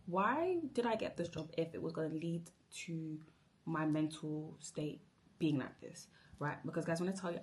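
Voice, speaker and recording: Young adult woman, lowish voice, rambling exasperated work rant, repeats herself. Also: expressive, a little fast, a little hiss or hum. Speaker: vlogger. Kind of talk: emotional work rant to camera.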